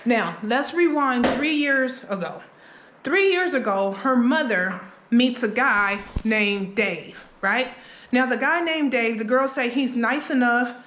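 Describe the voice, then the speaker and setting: A woman's voice: fairly high pitch, slow pace, fairly bright tone, a little hiss or hum. A woman vlogger telling a story in a casual, chatty way, often checking in with her listeners. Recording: roomy echo.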